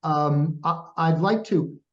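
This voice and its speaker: A man's voice: on the high side, takes it slowly. A man hosting an interview over a video call, asking questions hesitantly with many fillers. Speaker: host. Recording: dull lo-fi sound.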